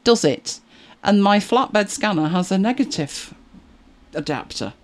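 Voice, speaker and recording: A middle-aged woman chatting to camera as a video creator, animated and exasperated, laughing at herself. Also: mid-range voice. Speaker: YouTube creator. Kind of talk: casual chat to camera.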